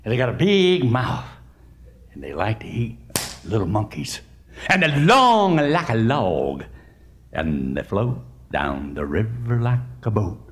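Big cautious elephant, low and unhurried, played by a male preacher. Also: wildly swooping pitch, slight background noise. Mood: cautionary. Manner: slow, deep, grave warning.

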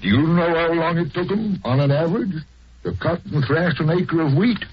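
A man's voice: fairly high pitch, expressive, normal speed, husky. A man playing a chatty rural English farmer with a folksy Buckinghamshire accent, in 1940s radio acting on a dull lo-fi recording. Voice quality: folksy, rustic.

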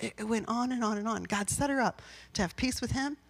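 A woman's voice: a little high, fairly quick, creaky, hardly any pauses, husky. A woman pastor giving a sermon in a personal, conversational way, rising into emphatic bursts.

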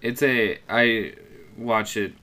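A man's voice: fairly low pitch, fairly even intonation, slow, pushed and bright. A man co-hosting a podcast in casual chat, enthusiastic and blunt with his opinions. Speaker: podcast co-host.

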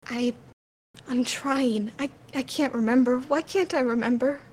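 A woman voicing a frightened, weeping young woman who stammers and sobs through every halting phrase. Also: high voice, a little mellow, slightly rough, pitched above the performer's own voice. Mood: tearful.

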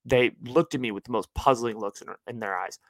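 A man in his twenties from California, telling a story on his podcast in an animated, chatty way. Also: medium pitch, fairly quick, no room sound, low-quality recording. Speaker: podcast host.

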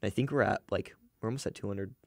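A young man co-hosting a sports podcast in a loose, chatty way, laughing easily and leaning on fillers. His voice sits a little low, and the recording is dry and close. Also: fast talker, a little mellow, no room sound. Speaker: podcast co-host. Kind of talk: casual sports podcast chat.

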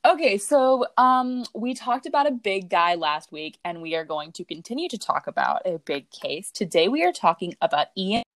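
An American woman hosting a casual podcast, chatty, with lots of fillers and quick jokes. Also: mid-range voice, sing-song, a bit bright, no room sound. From United States. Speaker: podcast host. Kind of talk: casual true-crime chat.

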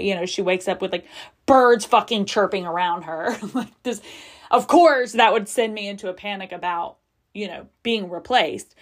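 A woman hosting a podcast, talking frankly and confessionally with lots of casual filler and frequent swearing. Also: medium pitch. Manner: chatty with many fillers. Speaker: podcast host. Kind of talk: candid personal monologue.

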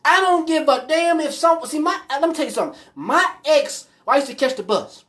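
A woman hosting a podcast, telling personal stories in a blunt, profane, animated way. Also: high voice, fairly quick. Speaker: podcast host. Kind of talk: casual monologue storytelling.

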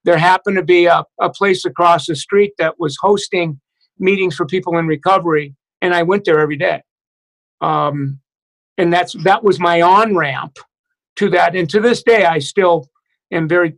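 High-voiced man telling his story haltingly. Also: fairly bright tone, low-quality recording. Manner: halting, many restarts and fillers, reflective. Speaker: guest. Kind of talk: personal recovery story in conversation.

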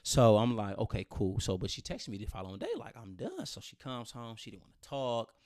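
A man telling a personal story on a podcast in slangy, animated casual talk. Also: lowish voice, fairly quick, clear, resonant tone, no room sound, clean studio sound. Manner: animated, slangy, acts out voices. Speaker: podcast host.

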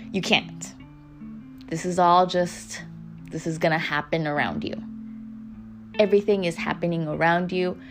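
A young woman hosting a podcast, giving a candid, casual motivational talk that swears freely and repeats phrases for emphasis. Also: on the low side. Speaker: podcast host. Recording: music playing underneath.

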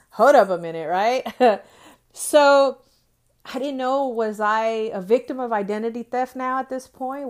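A middle-aged woman sharing her testimony, telling the story with lively acted-out dialogue. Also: fairly high pitch. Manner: animated storytelling, acting out dialogue. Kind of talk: testimony talk.

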